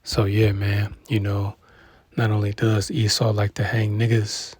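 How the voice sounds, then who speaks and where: Husky low-voiced man rambling. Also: little pitch movement, darkish tone, no echo. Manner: rambling, fills every pause with "you know". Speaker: commentary channel host. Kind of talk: reaction commentary.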